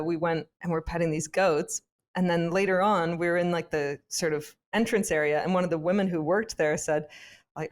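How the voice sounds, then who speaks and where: A woman co-hosting a podcast, telling stories in casual chat and laughing often. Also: fairly low pitch. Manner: laughs often, storytelling with restarts. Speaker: podcast co-host.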